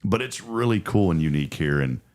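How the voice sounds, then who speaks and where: A man with a raspy voice, hosting a casual morning chat show. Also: low voice, lively intonation, a little fast, darkish tone. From Texas. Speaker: host.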